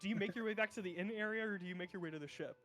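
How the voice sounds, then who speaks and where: A man running a tabletop game as its game master, his voice sitting high. He narrates in an animated, laughing way, tripping over his words, with faint music in the background. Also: racing. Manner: animated, laughing, restarts often.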